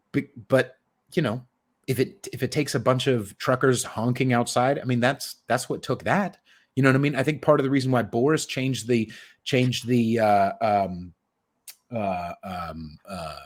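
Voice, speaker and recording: A man hosting a podcast in casual chat, rambling and cursing as he jokes. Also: on the low side. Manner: rambling, profane, joking. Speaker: podcast host. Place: home studio in New York.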